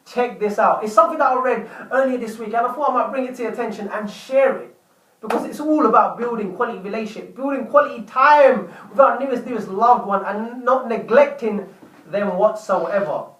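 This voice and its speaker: A man's voice: very high voice, brisk, fairly bright tone. A man telling a story to his viewers in a casual vlog, chatty and repeating words as he goes. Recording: roomy, distant from mic.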